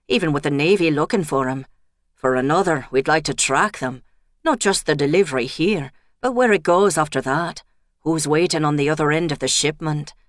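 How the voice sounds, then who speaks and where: A woman voicing a nervous young male police officer who speaks in a hushed, careful way. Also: a little high, no room sound, clean studio sound, lightly acted.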